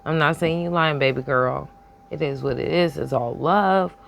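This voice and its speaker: A woman's voice: low voice, normal speed, vocal fry, a little hiss or hum. A woman hosting a reaction video, reacting in a blunt, colloquial, teasing way. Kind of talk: casual commentary.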